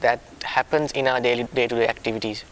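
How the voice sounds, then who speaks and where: A man leading a small discussion group, talking in a soft, apologetic way with many restarts. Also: mid-range voice, level tone, fast. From a warm-climate country. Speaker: discussion leader. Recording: background noise.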